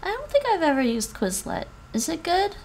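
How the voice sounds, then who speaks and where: A woman's voice: very high voice, huge pitch swings, brisk, darkish tone, slight background noise. A woman chatting casually on a language-learning livestream, sniffly from the cold, repeating words after an app and laughing often. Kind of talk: casual livestream chat while practicing pronunciation.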